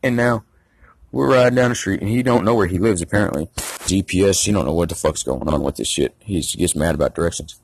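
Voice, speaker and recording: A man's voice: sits low, fast, slight background noise. A man telling a rambling, profane story in a casual rant. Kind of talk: casual ranting anecdote.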